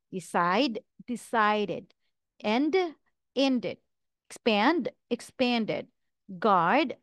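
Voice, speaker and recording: Slow, careful woman pronunciation teacher. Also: a little high, dry recording. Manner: carefully enunciated word-by-word drilling. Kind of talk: slow, deliberate pronunciation drill.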